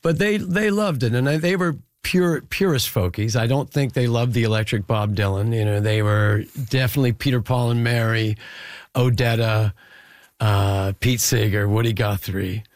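A man's voice: medium pitch, moderate pace, dry recording. A middle-aged man and musician guest chatting casually in a studio interview, rambling with fillers and restarts. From Canada (Saskatchewan). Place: radio studio.

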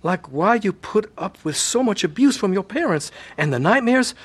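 A man playing a supportive husband who speaks softly and reassuringly, in a radio drama. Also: high-pitched, expressive, normal speed, husky. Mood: concerned. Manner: soft, reassuring.

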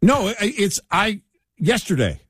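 A man with a high-sitting, slightly breathy voice chats casually, unhurried, telling everyday stories in an animated way. He sprinkles in wry asides, and the clean studio recording has no echo.

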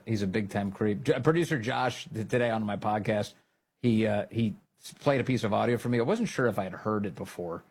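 Husky, mocking political show host. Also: male voice. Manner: mocking, animated, laughs often, high-pitched jabs. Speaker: podcast host.

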